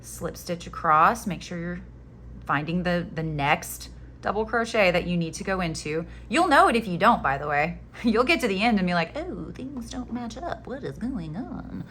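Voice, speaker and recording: A woman's voice: on the low side, expressive, moderate pace, a bit bright, slight background noise. A woman from the Florida Panhandle with a light Southern accent, chatting her way through a crochet tutorial step by step and throwing in jokes along the way. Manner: chatty, joking asides, guides step by step. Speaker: crochet instructor.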